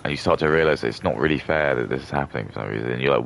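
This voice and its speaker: Very deep gravelly male ranter. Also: rapid-fire, a bit bright, slight background noise. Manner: rambling, contemptuous rant. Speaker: streamer. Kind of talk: ranting casual monologue.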